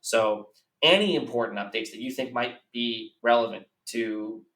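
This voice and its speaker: A man's voice: mid-range voice, moderate pace, fairly bright tone. A man giving earnest business advice in a podcast interview, repeating key phrases for emphasis. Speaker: business coach guest. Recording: roomy, slightly distant mic.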